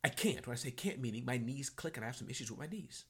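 Husky man, whispers then booms. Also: animated, fast talker. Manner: swings from hushed whispers to loud fired-up bursts; emphatic, repeats phrases. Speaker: live-stream host. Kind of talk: live motivational talk reading chat comments.

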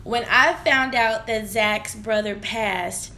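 A woman in casual chat, telling stories with animated feeling. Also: medium pitch, takes it slowly, slight background noise. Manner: animated, lively storyteller. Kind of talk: casual chat, emotional storytelling. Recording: echoey room.

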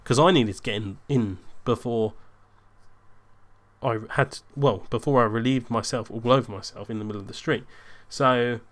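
This young man's mid-range voice moves at a moderate pace as he shares a laid-back story. He rambles, cuts himself off to make corrections, and perks up when repeating what he said.

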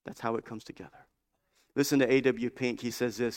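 A man's voice: mid-range voice, level tone, brisk, darkish tone. Fervent storytelling male preacher. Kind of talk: sermon.

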